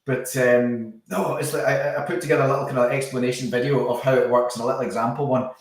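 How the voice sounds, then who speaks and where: A man, a business founder talking casually as a podcast guest, chatty and quick to laugh. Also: medium pitch, fairly even intonation. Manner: chatty, laughs easily, trips over words. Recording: echoey room, far from the mic.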